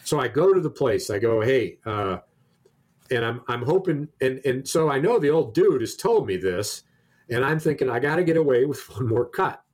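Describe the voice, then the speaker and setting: A husky-voiced man spins a casual anecdote in everyday conversation, his pitch sitting in an ordinary middle range. He trips over repeated words as he goes and acts out each quoted exchange with lively emphasis. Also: moderate pace. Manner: animated, restarts words, acts out quoted dialogue. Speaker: storyteller in a conversation.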